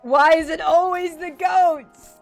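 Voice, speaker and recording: A woman's voice: extremely high pitch, fairly even intonation, slow, gravelly, faint music behind. A woman streamer reading a story game aloud and reacting with emotion and swearing. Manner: emotional, swears freely, restarts when upset.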